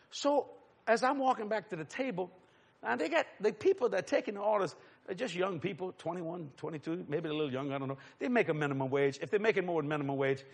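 A middle-aged man preaches through a story. His husky voice sits a little high and swings freely in pitch as he slips into the voices of other people. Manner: animated, acts out voices, chuckles. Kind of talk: storytelling sermon.

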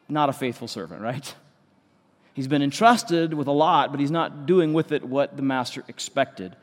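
A man's voice: mid-range voice, normal speed. A man preaching a sermon as a pastor, earnest and conversational, often repeating words for emphasis. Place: large church sanctuary. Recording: long reverb of a large hall.

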